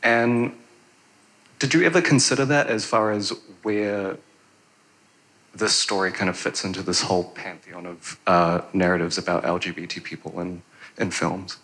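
A man with a very deep voice but a sharp, bright tone asks a long, rambling question from the audience. He hesitates often, filling the gaps with pauses. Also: husky, low-quality recording. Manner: hesitant, many fillers. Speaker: audience member asking a question.

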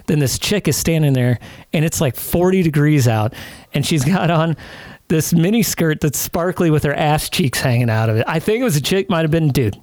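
A podcast co-host in a studio tells a story in casual conversation, swearing often and laughing along the way. His expressive voice leans high with a darkish tone, moves at a normal speed, and has no echo.

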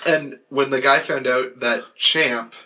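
Podcast host and comedian, man: casual, filler-heavy, wry, bright tone. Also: mid-range voice, fairly even intonation, takes it slowly, slight background noise. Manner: joking, loose, filler-heavy. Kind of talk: casual chat.

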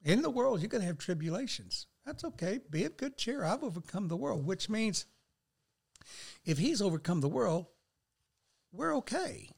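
A man's voice: high-pitched, moderate pace, gravelly, pauses often, slightly rough. An older man, a guest on a faith talk show, speaking earnestly and quoting scripture as he shares. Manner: earnest, animated, quotes scripture.

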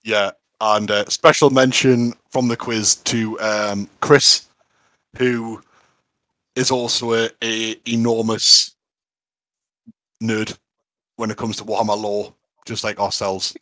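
A man's voice: on the low side, little pitch movement, takes it slowly, long pauses, bright, forceful tone, no room sound. A man, co-hosting a podcast in enthusiastic casual chat, with lots of fillers. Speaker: podcast co-host.

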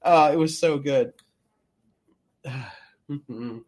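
A man's voice: fairly high pitch, very slow, darkish tone. A man co-hosting a podcast in casual chat, rambling with lots of fillers and acting out quotes as he goes. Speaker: podcast co-host.

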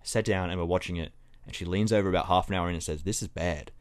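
A man speaks quickly in a fairly low voice, recorded dry and close with no room around him. He is a podcast guest in casual film chat, ranting with rising exasperation about what annoys him. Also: fairly even intonation, clear, resonant tone, dry recording.

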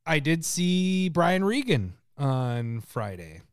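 A man's voice: a little high, very animated, slow, clear, resonant tone, no echo, clean studio sound. A man in his thirties co-hosting a casual podcast, laughing often and telling stories with animation. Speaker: podcast co-host. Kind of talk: casual chat.

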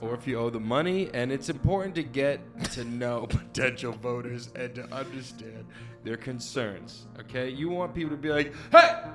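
A man's voice: mid-range voice, moderate pace, soft background music. A man co-hosting a comedy podcast, reading out tips and joking with frequent laughs. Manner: joking, laughs often, reads tips aloud. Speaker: podcast co-host. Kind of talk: comedic casual chat.

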